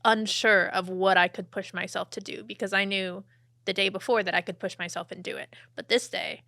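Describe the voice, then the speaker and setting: Bright-voiced young woman hosting a chat. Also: medium pitch, fairly even intonation, fairly quick, creaky, no echo, studio quality. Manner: chatty, laughs between phrases, trails off softly. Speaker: podcast host. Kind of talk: casual interview talk.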